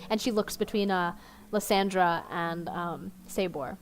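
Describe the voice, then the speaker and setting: A woman's voice: fairly low pitch, a little slow, slight background noise. A woman narrating as game master in a casual, chatty way with plenty of ums.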